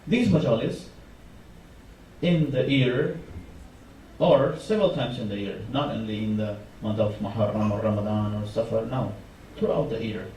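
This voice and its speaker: A man with a voice preaches a sermon in a mosque hall, stacking up repeated phrases with rising force. His tone is dark and mellow, and he is picked up from some distance in a roomy, echoing space with faint ambient noise. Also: medium pitch. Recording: echoey hall, mic from far off.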